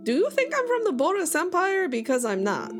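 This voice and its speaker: A woman voicing a talking haunted sword with a put-on fantasy accent, speaking in an indignant, fussy, deliberate way. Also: extremely high pitch, huge pitch swings, music in the background, pitched above the performer's own voice, heavily acted.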